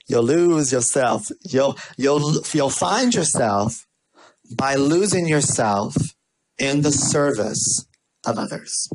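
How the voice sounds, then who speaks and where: A man with a fairly high voice delivers a motivational marketing talk. He tells stories, repeats his points for emphasis and throws in playful asides. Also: unhurried, rough recording. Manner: lively, repetitive, storytelling delivery with playful asides. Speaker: marketing speaker.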